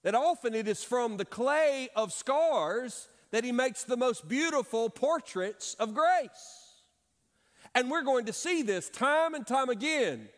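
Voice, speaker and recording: A middle-aged man preaching a sermon as pastor, with dramatic pauses and emphatic repetition. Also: very high voice, fairly bright tone. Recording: long hall reverb.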